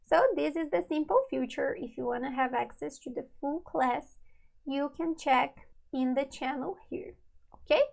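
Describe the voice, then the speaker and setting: Woman, language teacher, high pitch, gravelly fry, slow patient delivery. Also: a little mellow, poor audio. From Brazil. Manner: slow, patient, repeats each example. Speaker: Portuguese teacher. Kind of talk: online language lesson.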